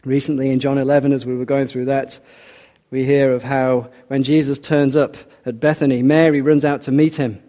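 A man preaching a sermon, earnest and measured, slowing down to stress key lines. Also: medium pitch, little pitch movement, warm tone. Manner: measured, earnest, slows for emphasis.

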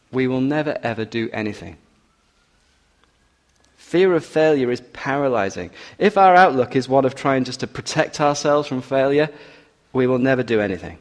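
A man of middle pitch preaches to his congregation, moving through a scripture passage verse by verse. He slips in teasing asides, then presses his points with rising emphasis. The sound rings with the long reverb of a church hall. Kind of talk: expository sermon.

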